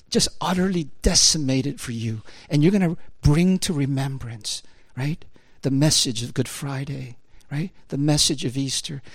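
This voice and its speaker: A middle-aged man preaching a sermon in a casual, conversational way, peppering his talk with "right?" and "you know" and rising high and loud when he makes a point. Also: husky, dry recording. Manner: animated, swings high and loud when emphatic.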